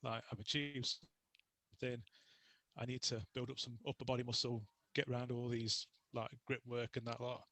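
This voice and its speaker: On a casual podcast, a young male guest chats through anecdotes and laughs easily. His medium-pitched voice stays fairly flat in intonation, with a fairly bright tone and moderate speed. The recording is dry, without any room echo.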